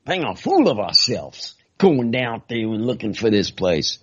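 A man on a call-in show, talking in animated, mock-angry casual chat with a lot of laughing. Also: fairly low pitch, measured pace, breathy edge, dry recording. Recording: dull lo-fi audio.

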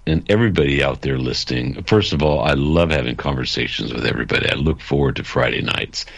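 Very deep gravelly man on a call-in. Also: fast talker, fairly bright tone. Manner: rambling, upbeat sign-off, plugs memberships. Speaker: podcast regular giving closing thoughts. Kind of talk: casual call-in podcast chat.

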